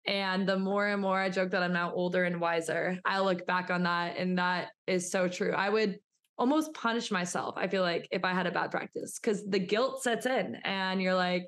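A woman's voice: on the low side, fairly even intonation, fairly quick. A young woman co-hosting a sports podcast, telling candid, self-mocking stories in a chatty way. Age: young adult. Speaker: podcast co-host. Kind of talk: casual podcast chat.

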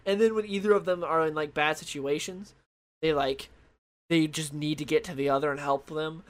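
A young man talks through a comic book he has been reading, in a loose, meandering way full of fillers and restarts. His voice sits a little high for a man, and he drops to a quiet mutter when he reads something from the page. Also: fairly even intonation, moderate pace. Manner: rambling, many fillers and restarts. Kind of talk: casual chat.

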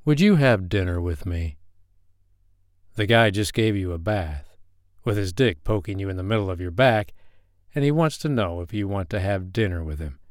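Low-voiced male storyteller, dry sound. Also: moderate pace, no room sound. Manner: calm, steady storytelling. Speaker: narrator. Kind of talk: second-person erotic story narration.

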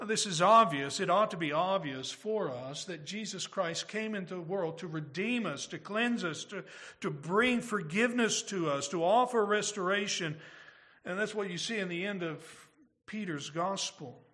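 Male pastor, high bright voice, earnest preaching with rhetorical questions. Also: measured pace. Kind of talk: sermon.

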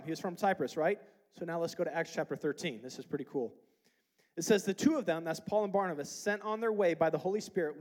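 A pastor preaching a sermon, reading scripture aloud and asking the congregation questions, building to loud, emphatic passages. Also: male voice. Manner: emphatic preaching that rises to loud, high peaks; quotes and explains scripture with rhetorical questions.

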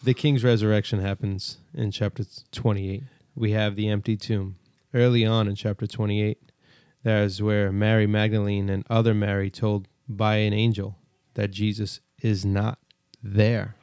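A man's voice: on the low side, little pitch movement, normal speed, darkish tone, clean tone, no echo, studio quality. A man co-hosting a casual Bible study podcast, walking through chapters and verses in an easygoing, conversational way. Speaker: podcast co-host.

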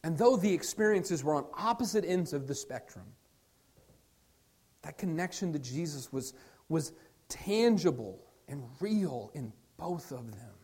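Pastor guy preaching, pretty high voice, earnest, gets loud then drops real quiet. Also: expressive, unhurried, breathy edge. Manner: earnest, shifts from loud stress to quiet near-whispers. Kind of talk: sermon.

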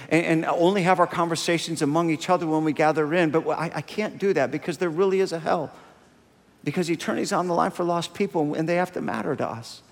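A man preaching a sermon as a pastor, animated as he retells a story in another man's words. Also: a little high, in a large hall. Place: church sanctuary.

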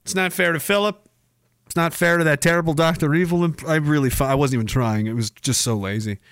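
A man's voice: a little high, fairly quick, a bit bright, dry recording, studio quality. A man hosting a livestream, reacting to clips with profane, mocking commentary. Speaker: livestream host.

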